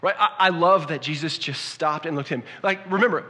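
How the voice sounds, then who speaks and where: Animated preacher man in a reverberant hall. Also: on the high side, a little fast, husky. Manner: dynamic, swings from hushed to emphatic. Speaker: pastor. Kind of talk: sermon.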